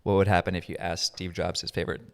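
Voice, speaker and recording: A young man with a low, gravelly voice co-hosts a podcast, rambling through casual chat full of fillers and self-deprecating asides. The recording carries a long, reverberant tail. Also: flat delivery, quick pace. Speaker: podcast co-host.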